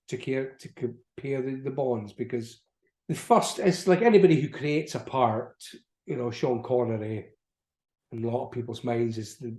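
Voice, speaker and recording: A middle-aged man with an Aberdeen Scottish accent, chatting as an actor guest in an interview, rambling with many restarts. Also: mid-range voice. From Aberdeen, Scotland. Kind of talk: casual interview chat.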